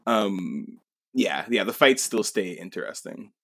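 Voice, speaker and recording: A man's voice: fairly low pitch, lively intonation, a little slow, fairly bright tone. A man in casual conversation, talking loosely with lots of fillers and frequent laughter. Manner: rambling, filler-heavy, laughs often. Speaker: podcast co-host. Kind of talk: casual chat about manga.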